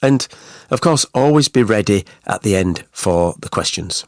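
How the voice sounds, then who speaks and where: Podcast host, man, lowish voice, casual talk full of asides, dry close sound. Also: expressive, moderate pace, no room sound. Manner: chatty, rhetorical questions, many "you know"s. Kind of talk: solo advice podcast.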